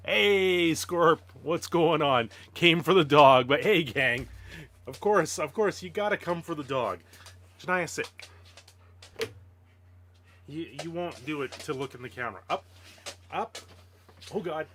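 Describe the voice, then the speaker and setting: A man's voice: a little high, slow, pauses often, fairly bright tone. A man casually chatting on a live stream, greeting viewers and playing with his dog, laughing often. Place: home.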